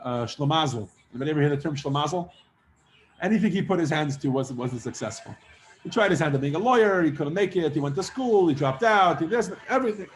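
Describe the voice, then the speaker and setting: High-voiced man telling a lively story. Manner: animated storyteller, acts out characters with many fillers. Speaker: teacher. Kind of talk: storytelling lesson to students. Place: classroom.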